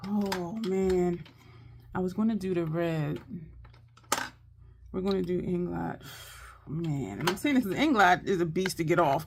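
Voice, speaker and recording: Woman makeup vlogger, low register with vocal fry, chatty and thinking out loud. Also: slight background noise. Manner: chatty, thinks aloud while working. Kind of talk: casual makeup tutorial chat.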